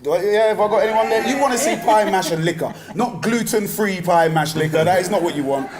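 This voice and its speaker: A man spins comic stories in a comedy club, chatty and animated as he works the crowd. His voice sits a touch higher than most men's. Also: fast talker. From South London. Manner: chatty, animated, plays to the audience. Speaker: comedian guest. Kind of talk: stand-up style comic storytelling.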